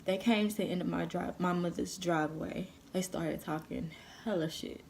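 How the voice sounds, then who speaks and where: Gravelly woman telling a heated story. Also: on the low side, fairly even intonation, normal speed, darkish tone, a little hiss or hum. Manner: blunt, heated storytelling with profanity; addresses viewers directly. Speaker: vlogger. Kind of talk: casual storytime vlog.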